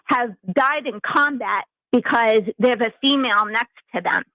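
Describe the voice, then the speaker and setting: Female caller, slightly high voice, forceful and emphatic, dry sound. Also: normal speed, no room sound, poor audio. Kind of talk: call-in commentary.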